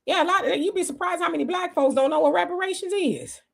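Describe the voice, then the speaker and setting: A woman's voice: extremely high pitch, fast, creaky. A woman co-hosting a casual political livestream, reading viewer comments aloud and reacting heatedly. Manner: heated, exclamatory, talks to viewers as y'all.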